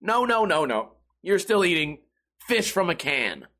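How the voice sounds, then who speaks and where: A man's voice: high voice, sing-song, a little slow, fairly bright tone. A young man, a live streamer, talking in a rambling, profane, self-mocking casual monologue.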